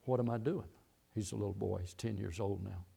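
A man's voice: fairly low pitch, brisk, gravelly, mellow, husky. A middle-aged man preaching a sermon, telling a long story and repeating key phrases as he goes. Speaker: pastor.

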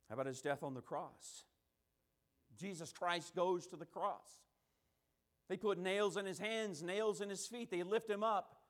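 A man's voice: sits high, a little slow. A man preaching a sermon, emphatic, stacking repeated phrases and acting out the quotes he tells.

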